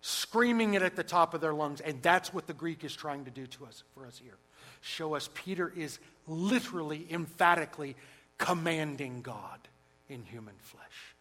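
A man preaching a sermon, emphatic and swinging between loud and hushed delivery. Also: on the high side, normal speed, poor audio.

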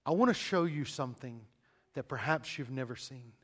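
A man preaching a sermon, calling listeners "beloved" and asking rhetorical questions, swinging from loud emphasis to a hushed near-whisper with long dramatic pauses. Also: medium pitch, expressive. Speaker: pastor.

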